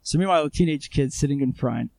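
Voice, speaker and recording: A man with a gravelly, creaky voice tells his story as an interview guest. His talk is loose and conversational, full of fillers and restarts, and he sounds close and dry. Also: fairly high pitch, fast talker, a little mellow, no room sound. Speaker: guest, armed civilian responder. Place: Israel.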